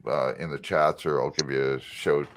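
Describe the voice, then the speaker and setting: A man hosting an online chat show, talking haltingly with many fillers. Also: rumbling low, level tone, a bit bright. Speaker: host.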